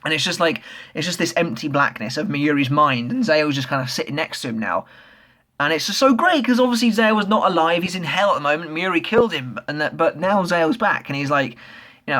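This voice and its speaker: A man casually reviewing a comic chapter, excitable, swearing freely and filling pauses with lots of ums. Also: a little high. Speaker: manga reviewer.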